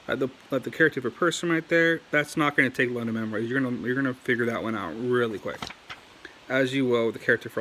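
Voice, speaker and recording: A man's voice: medium pitch, fast talker, pushed and bright, slight background noise. A man casually talking to camera about learning written characters, rambling and filling his speech with "like" and "um," with a cough now and then. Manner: rambling, heavy on "like" and "um". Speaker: language learner sharing tips.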